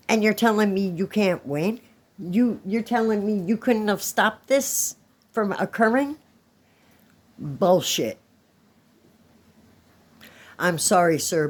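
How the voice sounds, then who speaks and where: Blunt woman in her fifties, co-host on a reaction stream, slow and lively. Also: fairly low pitch. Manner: blunt, scolding. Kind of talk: casual reaction chat.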